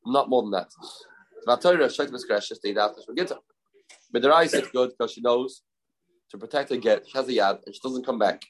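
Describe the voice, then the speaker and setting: A man's voice: mid-range voice, brisk, rough recording. A man teaching a daily Talmud class, mixing English with Hebrew and Aramaic terms and asking rhetorical questions.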